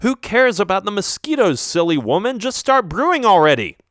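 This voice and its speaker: A man's voice: high-pitched, wildly swooping pitch, fairly quick, no echo, clean studio sound, voice pushed up. A man narrating an audiobook voices a brave, impatient young ghost hero in a raised, eager voice. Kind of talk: audiobook character voice.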